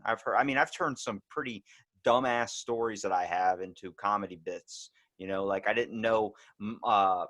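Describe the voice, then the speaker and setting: Laid-back man hosting a podcast, low voice. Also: a bit bright. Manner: loose, profane storytelling with acted-out quotes. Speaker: podcast host. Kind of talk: casual chat.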